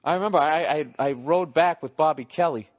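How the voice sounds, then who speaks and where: Profane, animated man in his 40s. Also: on the high side, brisk, dry recording, clean studio sound. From United States. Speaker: stand-up comedian guest. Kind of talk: casual podcast storytelling.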